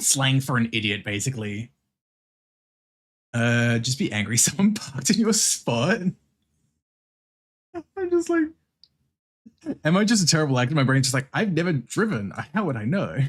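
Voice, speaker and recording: An Australian man talking on a livestream in relaxed, rambling chat. His pitch swings around in an animated way, and he swears casually and laughs often. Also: normal speed, long pauses. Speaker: streamer.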